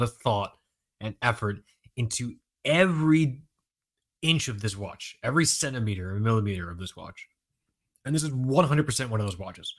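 A man co-hosting a podcast in casual chat, animated and joking, swearing freely and laughing easily. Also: mid-range voice, normal speed. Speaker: podcast co-host.

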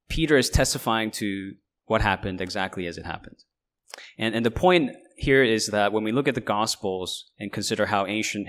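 A man preaching a sermon, conversational and halting, with frequent fillers and restarts. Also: fairly low pitch, a bit bright. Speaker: pastor.

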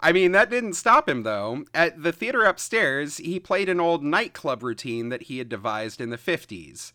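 A man hosting a podcast, narrating history in a lively storytelling way and reading out quotes. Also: a little high, normal speed, no room sound, clean studio sound. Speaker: podcast host. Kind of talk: scripted narration with banter.

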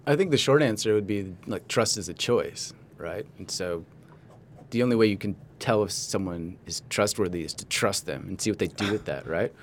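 A man's voice: lowish voice, normal speed, slight background noise. A young man, a writer and coach, talking earnestly and reflectively as a podcast guest. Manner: earnest, reflective, says "like" often. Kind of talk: casual interview chat.

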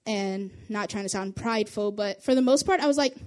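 In a chatty, rapid testimony punctuated by small laughs, a young woman who runs a youth group tells her story. Her voice is mid-range with a darkish tone.

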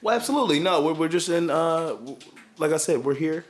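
A man's voice: on the high side, animated, brisk. A man hosting a casual podcast from a small studio, talking loosely, rambling and swearing freely. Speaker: podcast host. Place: home studio.

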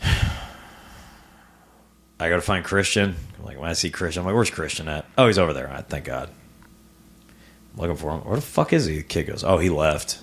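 A comedian from the American Midwest speaks in a very deep, low voice as a podcast guest. He talks casually about his own life, with frequent swearing and halting, repeated starts. He is recorded in a living room. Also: expressive, vocal fry, husky. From Rock Island, US Midwest. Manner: swears often, halting, with stammered restarts. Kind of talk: casual personal storytelling in an interview.

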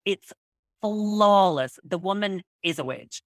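A woman author telling stories in an enthusiastic, quick interview chat. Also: medium pitch, no echo. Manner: animated, quick storytelling. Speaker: author guest.

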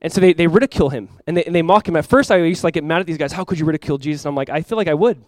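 A young man preaching a sermon as a pastor, conversational and animated, acting out quotes and laughing often. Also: on the high side, racing, no room sound.

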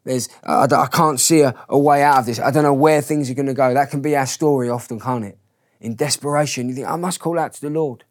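A man preaching a sermon with a scripture reading, speaking earnestly and often restarting and repeating his words. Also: mid-range voice.

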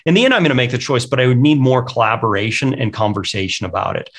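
A man's voice: medium pitch, expressive, quick pace, fairly bright tone. Candid man telling business stories. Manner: candid, anecdotal, quotes himself often. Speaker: real estate investor and agent, guest. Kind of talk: conversational interview storytelling.

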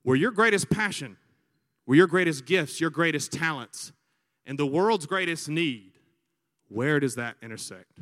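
A man with a Southern American accent preaches a storytelling sermon in a large reverberant hall. His voice sits a little high and bright, and his pitch swings widely as he acts out cheering crowds. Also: a little slow. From Alabama. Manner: animated storyteller, imitates crowds. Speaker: priest, vocation director.

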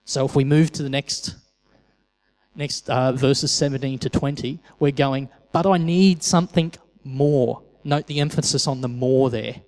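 A man's voice: medium pitch, flat delivery, normal speed, big-room sound, rough recording. A man preaching a sermon in a conversational way, often repeating words as he starts a phrase.

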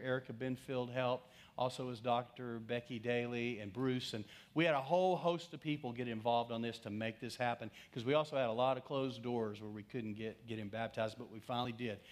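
A man preaching as pastor in a large church, leading an earnest altar call with pleading repetition. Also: medium pitch.

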